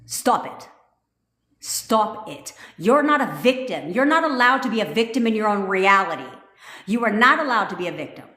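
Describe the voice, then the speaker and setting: A woman's voice: mid-range voice, expressive, quick pace, sharp tone. A woman manifestation coach giving a blunt, profanity-laced pep talk on a live stream. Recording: echoey room.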